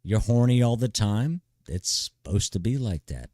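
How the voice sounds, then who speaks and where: A man's voice: fairly low pitch, big pitch swings, normal speed, dark tone, no echo, clean studio sound. A middle-aged man streaming live, giving blunt, profane big-brother advice in a laid-back way and saying "dude" constantly. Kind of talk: casual live-stream chat.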